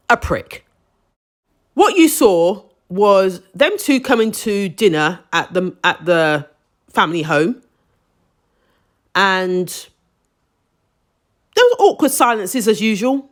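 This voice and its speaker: A woman giving a casual, opinionated review of a TV drama, with emphatic, indignant asides. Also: mid-range voice.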